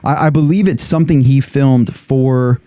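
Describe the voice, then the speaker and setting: A man's voice: medium pitch, normal speed, warm tone, clear, resonant tone, no room sound, studio quality. A young man co-hosting a podcast, chatting in a crude, candid, rambling way. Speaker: podcast co-host. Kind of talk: casual chat. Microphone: studio podcast mic.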